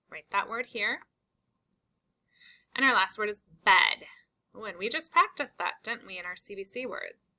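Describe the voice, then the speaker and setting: A woman teaching a slow, patient phonics lesson to young children, stretching out and repeating each word for emphasis. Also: mid-range voice, bright, forceful tone, low-quality recording. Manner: drawn-out, emphatic word repetitions.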